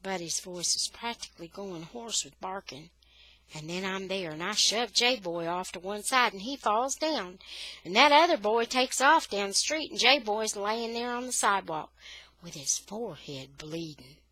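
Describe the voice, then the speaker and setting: Bright-voiced woman reading a story aloud. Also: medium pitch, measured pace, no echo. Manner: steady, expressive storytelling. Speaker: reader of a children's novel. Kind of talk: reading a novel aloud for English learners.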